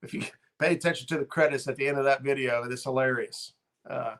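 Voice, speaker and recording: A man's voice: mid-range voice, moderate pace, fairly bright tone. A middle-aged man hosting a fishing channel livestream, chatting casually and rambling with lots of ums and uhs as he reads viewer comments.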